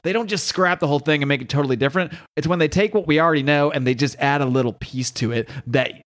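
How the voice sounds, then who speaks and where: A man's voice: on the high side, fast, a bit bright. A man co-hosting a podcast who discusses comics enthusiastically, thinking aloud. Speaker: podcast co-host. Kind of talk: casual discussion.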